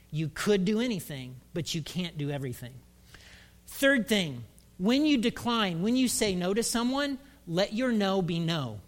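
A man's voice: high-pitched, in a large hall. A male pastor giving a conversational, humorous sermon in a church. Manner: humorous, acts out quick voices.

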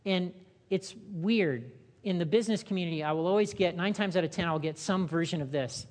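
A woman's voice: lowish voice, fairly quick, darkish tone. A woman pastor preaching a sermon in a conversational style, asking the congregation questions and acting out short voices. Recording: long hall reverb.

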